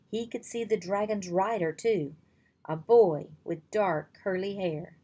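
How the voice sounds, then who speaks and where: A woman reading a children's chapter book aloud in slow, even storytelling. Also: mid-range voice. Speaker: reader.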